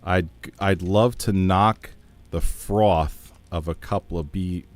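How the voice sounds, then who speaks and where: A man putting on an attempted Australian accent as a rowdy pub mate, quiet and tentative. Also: deep voice, steady tone, takes it slowly, no echo, soft background music.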